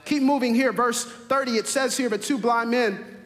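A man's voice: very high-pitched, steady tone, moderate pace, a bit bright, long reverb tail. A man preaching a sermon to his church, building his points through emphatic repeated questions. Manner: preaching with rising, emphatic repetition. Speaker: pastor. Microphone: camera mic, livestream to viewers.

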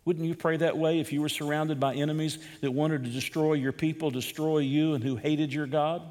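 A man's voice: fairly high pitch, steady tone, moderate pace, darkish tone, long reverb tail. A man preaching a sermon as pastor, posing rhetorical questions to his listeners and building emphasis as he goes.

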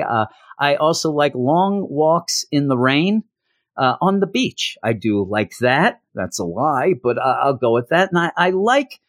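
A man reviews a comic alone on his podcast, joking and grumbling as he rambles. His voice sits at a middle pitch, recorded close in a dry room. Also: no echo. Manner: sarcastic, rambling, jokey. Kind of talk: casual solo review.

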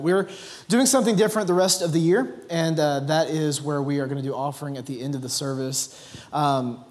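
A pastor delivers a sermon in a casual, conversational way, pausing on filler words as he reads and explains scripture. His voice sits a little higher than most men's. A long reverb from the large church hall trails behind each phrase. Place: church sanctuary.

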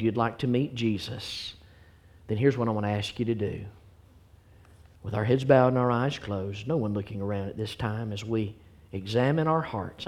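A man preaching in a church, pleading earnestly in his altar call and dropping to hushed whispers between louder appeals. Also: on the low side. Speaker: pastor. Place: church sanctuary. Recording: faint piano music behind.

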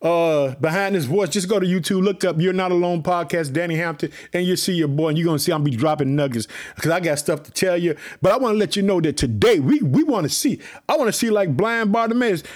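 A fired-up man preaching a sermon. His voice sits very high and swings wildly up and down, breaking into shouts as he repeats his catchphrases. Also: lively intonation, quick pace. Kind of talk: fiery sermon.

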